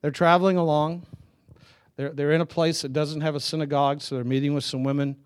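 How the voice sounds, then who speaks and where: Middle-aged man preaching, conversational and anecdotal, a touch higher-pitched. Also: level tone, fairly quick, clear, resonant tone. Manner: conversational storytelling with chuckles and restarts. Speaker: pastor. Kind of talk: sermon.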